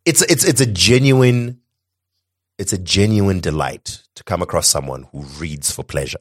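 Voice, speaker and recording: An excitable man from Zimbabwe co-hosting a podcast, his low voice running on with restarts and asides. The sound is dry and close, with no room around it. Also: normal speed, no echo. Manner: enthusiastic, rambling with restarts. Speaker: podcast co-host. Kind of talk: casual podcast chat.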